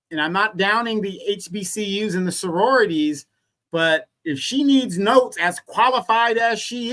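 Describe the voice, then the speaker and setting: A man's voice: high-pitched, a bit bright, low-quality recording. A man co-hosting a livestream, giving blunt opinions in casual talk. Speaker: co-host.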